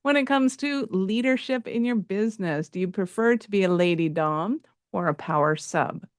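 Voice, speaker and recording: A woman podcast co-host asking quick-fire questions in a playful way. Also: mid-range voice, clear, resonant tone, no room sound, studio quality. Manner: playful, laughs easily.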